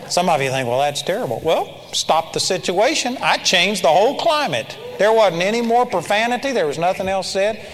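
An older man preaching a sermon, telling personal stories with animated energy and sudden loud shouts of praise. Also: on the high side, a little hiss or hum. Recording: church hall reverb with faint ambience.

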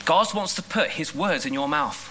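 A man preaching a sermon in an animated, emphatic way, rushing through asides and slowing down on key lines. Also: on the high side, low-quality recording. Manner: animated, emphatic, shifts between quick asides and slow stressed lines. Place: school hall.

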